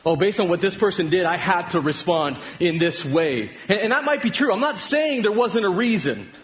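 A man's voice: high-pitched, big pitch swings, moderate pace, fairly bright tone, dull audio. A middle-aged Canadian man preaching a sermon to his congregation in a conversational way, often asking them questions. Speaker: pastor.

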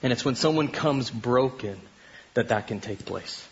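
A man's voice: medium pitch, animated, unhurried, lo-fi sound. A middle-aged Canadian man preaching a sermon to his congregation in a conversational way, often asking them questions. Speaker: pastor.

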